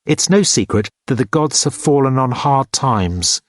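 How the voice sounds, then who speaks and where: A man voicing a taciturn, gruff old man at a feast, grumbling in short phrases for an audiobook. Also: mid-range voice, animated, measured pace, no echo, studio quality. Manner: laconic, grumbling.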